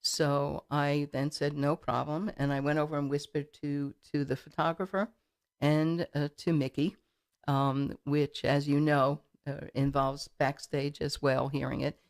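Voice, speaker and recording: A woman's voice: low voice, flat delivery, measured pace. A middle-aged woman guest in a studio interview, telling a story in a chatty way, with frequent fillers and repeated words. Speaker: political candidate, guest.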